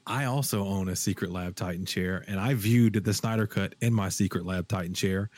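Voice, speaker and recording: A man hosting a casual podcast chat, talking in an animated, rambling way with lots of fillers and restarts. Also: low voice, moderate pace, no room sound. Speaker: podcast host.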